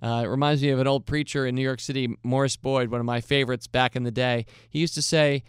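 A man's voice: mid-range voice, fairly even intonation, fast talker, smooth, no echo, studio quality. A man from the United States hosting his investing podcast, talking through listener questions in a conversational, upbeat way with the odd light laugh. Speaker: podcast host. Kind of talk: casual solo podcast talk.

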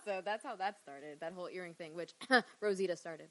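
A woman's voice: fairly low pitch, fairly quick, poor audio. A woman in her thirties from Queens with a New York accent, telling stories as a guest in a casual podcast interview, chatty and full of fillers. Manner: chatty, animated storyteller, many fillers. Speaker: interview guest, professional wrestler.

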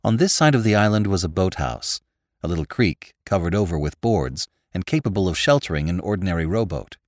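A man narrating a classic story for a podcast in a measured, expressive storytelling manner. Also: low-pitched, no echo, clean studio sound. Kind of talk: audiobook narration of classic fiction.

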